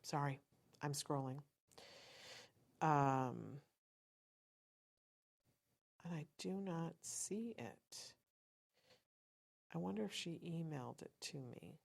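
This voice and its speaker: A woman's voice: low voice, animated, takes it slowly, gravelly, long pauses. A middle-aged woman hosting a live-stream podcast, chatting with viewers in an encouraging way. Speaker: podcast host.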